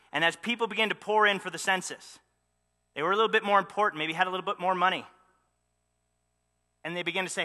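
A man's voice: high-pitched, fairly even intonation, quick pace, pauses often, bright, forceful tone, long reverb tail. A man preaching a sermon, telling the story with animation and many rhetorical questions. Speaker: pastor.

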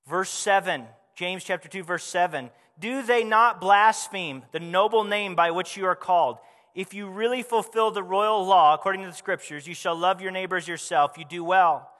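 A man gives a sermon at a moderate pace, his high, bright voice tinged with tension. As a pastor, he chats with the congregation and poses rhetorical questions. A long reverb hangs after his words, giving the sense of a large hall.

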